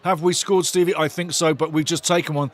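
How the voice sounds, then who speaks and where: A man hosting a live football watch-along, commenting as a fan and talking to the viewers in chat. He gets excitable and loud and swears a lot. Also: on the high side, a little fast.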